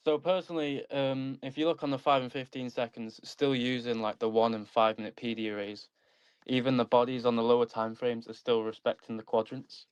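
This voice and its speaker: A man's voice: mid-range voice, little pitch movement, fairly quick, clean tone, dry recording. A man in an online audio chat, eager and matter-of-fact. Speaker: caller. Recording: dull muffled call audio.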